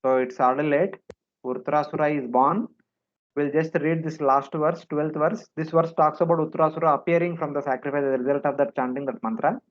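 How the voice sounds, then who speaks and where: A man teaching a scripture class, explaining Sanskrit grammar and chanting words slowly and repeating them. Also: on the high side, fairly even intonation. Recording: dull lo-fi recording.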